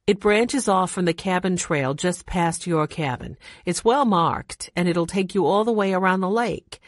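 Friendly chatty lodge owner lady from a storybook, low voice, dry close recording, read by a woman. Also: unhurried, no room sound, lightly acted.

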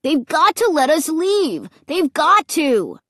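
A woman's voice: very high-pitched, normal speed, pushed and bright, dry recording, studio quality, pitched above the performer's own voice. A woman voicing a whiny, frightened boy who demands answers, reading from a storybook.

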